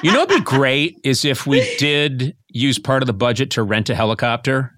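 A man's voice: medium pitch, expressive, normal speed, fairly bright tone, dry recording, clean studio sound. A man hosting a comedy podcast, riffing playfully and laughing often. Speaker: podcast host. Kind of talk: comic podcast banter.

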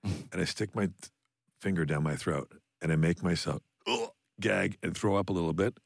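Gravelly low-voiced man, fast talker. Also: dry recording, clean studio sound. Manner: animated storyteller, swears, laughs often. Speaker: podcast co-host. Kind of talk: casual chat.

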